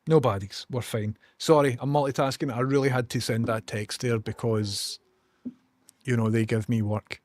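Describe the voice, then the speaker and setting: A man's voice: mid-range voice, steady tone, moderate pace, a little mellow, dry recording. A Scottish man chatting casually on a live stream, swearing and ranting while he multitasks. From Scotland.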